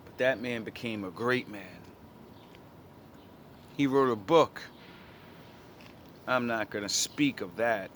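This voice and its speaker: A man's voice: medium pitch, slow pace, pauses often, fairly bright tone, slight background noise. Profane, slangy man telling a story. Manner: blunt and profane, with loose slang. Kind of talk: casual storytelling monologue.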